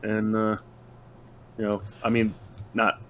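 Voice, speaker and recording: A man co-hosting a podcast in casual chat over a video call, halting and restarting as he retells comedy bits. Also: on the low side, completely flat delivery, fairly bright tone, slight background noise. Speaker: podcast co-host.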